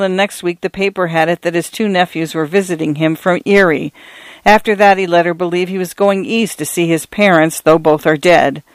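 Guy reading a chatty easygoing old priest, gossipy, kinda high voice. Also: no echo. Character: genial aging male priest, gossipy storyteller.

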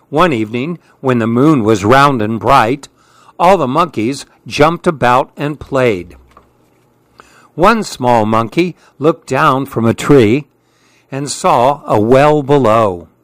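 Slow, gentle male storyteller. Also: mid-range voice, dry recording. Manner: slow, gentle, expressive reading. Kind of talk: children's story read-aloud.

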